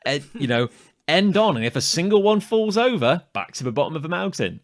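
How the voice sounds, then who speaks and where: A man's voice: fairly high pitch, big pitch swings, a little fast. A man co-hosting a podcast, telling a story in casual chat with laughs and exaggerated self-pity. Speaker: podcast co-host.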